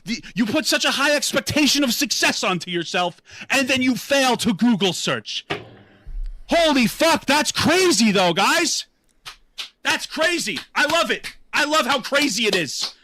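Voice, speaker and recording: A man's voice: very high-pitched, very animated, moderate pace, pushed and bright. A man livestreaming angry, profane commentary with a sarcastic edge.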